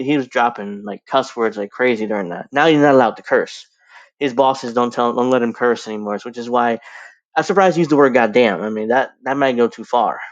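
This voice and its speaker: A man's voice: mid-range voice, dry recording, muffled recording. A man giving casual, rambling reaction commentary on a clip, with frequent restarts. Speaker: video commentator.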